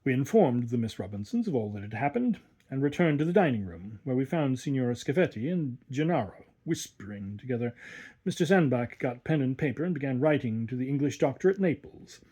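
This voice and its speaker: A man's voice: mid-range voice, lively intonation, fairly quick, warm tone, breathy edge. Man reading a story aloud. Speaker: reader. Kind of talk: scripted story narration.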